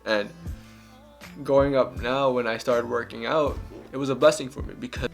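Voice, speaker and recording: A man's voice: mid-range voice, steady tone, moderate pace, gravelly, faint music behind. A young man answering fan questions in a casual, candid, joking vlog. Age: young adult. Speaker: vlogger.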